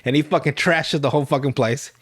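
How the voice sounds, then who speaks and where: This young podcast host has a husky voice on the high side and a quick pace. He rambles through a profane, laugh-filled TV episode recap, laughing loudly at his own story.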